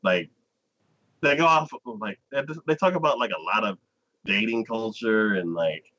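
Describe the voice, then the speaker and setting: A man co-hosting a podcast, chatting casually and acting out anime scenes in lively, excited retellings full of "like.". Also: on the low side, normal speed. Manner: animated storyteller acting out scenes, frequent "like". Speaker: podcast co-host. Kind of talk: casual anime review chat. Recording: dull lo-fi podcast audio.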